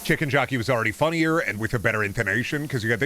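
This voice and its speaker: A man's voice: medium pitch, racing, few pauses, pushed and bright, soft background music. A male streamer in casual chat, ranting and rambling with a lot of swearing.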